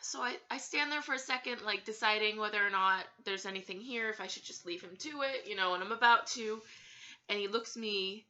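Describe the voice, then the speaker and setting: A woman's voice: medium pitch, a little fast, pushed and bright, lo-fi sound. A woman telling a story in a casual vlog, giggly and hesitant, with plenty of fillers.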